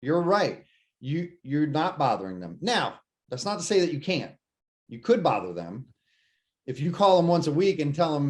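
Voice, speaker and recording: A man co-hosting a casual podcast, talking shop with lively energy and acting out imagined phone calls. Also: a little high, normal speed. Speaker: podcast co-host. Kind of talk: casual real estate podcast chat.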